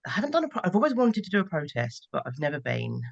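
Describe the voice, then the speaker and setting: A woman's voice: low-pitched, quick pace, vocal fry, no room sound, muffled recording. A woman on a podcast panel, chatting animatedly with frequent laughter. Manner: giggly, animated storyteller. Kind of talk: casual panel chat.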